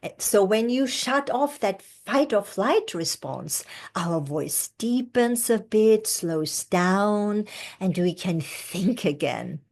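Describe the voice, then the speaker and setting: A woman voice coach teaching an online class, speaking slowly and encouragingly as she demonstrates breathing and tones over a video call. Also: medium pitch, lively intonation, a little mellow.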